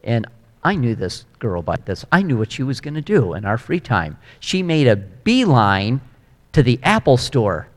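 A man preaching a sermon, telling a story with animated emphasis. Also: mid-range voice, normal speed. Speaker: pastor. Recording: echoey hall.

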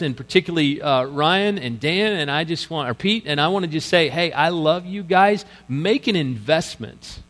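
A man preaching a sermon as guest pastor in a conversational, animated way, slipping into the scenes he describes. His voice sits a little high. A long reverb rings around him in the sanctuary.

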